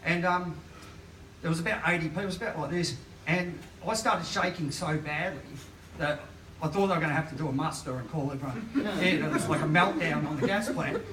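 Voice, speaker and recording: Male comic in his late 40s, self-deprecating stand-up in a small venue, high voice, echoey distant room sound. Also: brisk, a crowd in the background. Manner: self-deprecating, often laughing mid-line. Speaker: stand-up comedian. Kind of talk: stand-up comedy set. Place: small live comedy venue.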